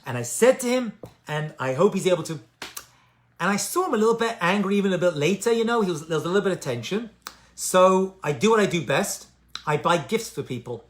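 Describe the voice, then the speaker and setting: A man's voice: high-pitched, lively intonation, a little fast. A man teaching about addiction recovery and spiritual growth in an informal, conversational way. He repeats his key lines for emphasis and often checks in with "right?". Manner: conversational, with frequent "right?" and "you know"; emphatic repetition of key phrases.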